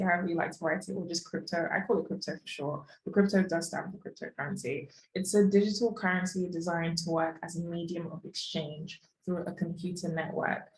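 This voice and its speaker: A woman's voice: lowish voice, roomy sound, poor audio. A young woman in her twenties teaching an online course lesson in a chatty, casual way, with lots of fillers and asides. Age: young adult.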